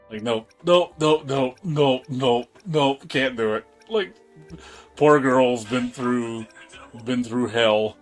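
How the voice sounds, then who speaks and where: A man's voice: mid-range voice, takes it slowly, soft background music. Laughing, rambling male game streamer. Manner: laughs often, rambling, repeats words. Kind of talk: casual chat.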